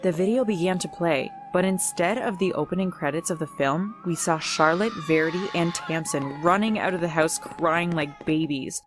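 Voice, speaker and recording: Low-voiced woman telling a storytime tale. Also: moderate pace, hardly any pauses, over music, a crowd in the background. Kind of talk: first-person storytime narration.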